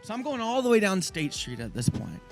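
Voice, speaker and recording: A man who owns a small business, telling a story in a casual, animated way. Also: high voice, soft background music. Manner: animated, fast-talking.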